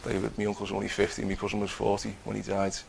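A man's voice: lowish voice, monotone, fast, vocal fry, darkish tone, a little hiss or hum, low-quality recording. A man telling a personal faith testimony in a conversational way, acting out what he and others said. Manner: conversational, acts out his own quotes, many restarts.

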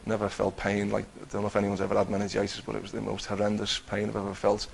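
Guy telling his testimony, low flat voice with lots of gravel, keeps acting out what people said. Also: fast talker, a little hiss or hum, rough recording. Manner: conversational, acts out his own quotes, many restarts. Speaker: person giving a faith testimony. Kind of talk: personal testimony storytelling.

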